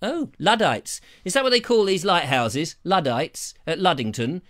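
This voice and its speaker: A jokey man hosts a casual live stream in a high, animated voice. He rambles cheerfully from one pun to the next, and his tone is bright and forceful. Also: moderate pace. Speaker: live show host.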